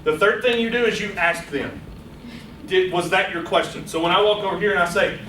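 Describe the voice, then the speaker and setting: A man giving a lively, playful public speaking workshop to a small audience in a meeting room, speaking straight to them. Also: high-pitched, fairly quick, slight background noise. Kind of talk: live workshop lecture. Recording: echoey room, voice from a distance.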